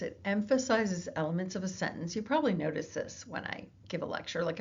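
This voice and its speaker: Woman lecturing, gravelly low voice. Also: dull audio. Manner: explanatory, with fillers and self-corrections. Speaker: psychology lecturer. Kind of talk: recorded lecture.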